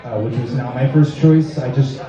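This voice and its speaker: A young man doing a stand-up set with a rambling, hesitant delivery full of filler words and awkward, deadpan asides. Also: medium pitch, normal speed, a crowd in the background. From Lexington, Massachusetts. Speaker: stand-up comedian. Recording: echoey, dull sound from a distant mic.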